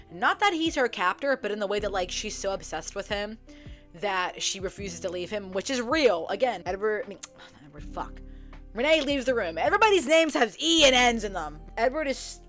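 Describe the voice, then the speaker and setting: A woman's voice: medium pitch, animated, moderate pace. A young woman casually retelling a book story from memory, swearing freely and acting out the characters' lines. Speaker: book vlogger. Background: soft background music.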